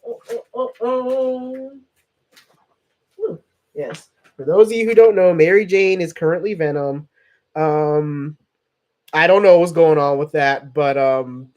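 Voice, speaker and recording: A young man hosting a casual livestream, reading viewer comments and chatting in a rambling, joking way with tangents. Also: fairly high pitch. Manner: rambling, jokey, trails off into tangents. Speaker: livestream host.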